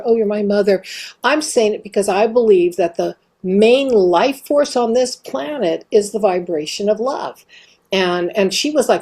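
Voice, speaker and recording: Woman telling a story in an animated monologue. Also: medium pitch. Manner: animated, reads quotes aloud. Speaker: host. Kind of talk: casual monologue.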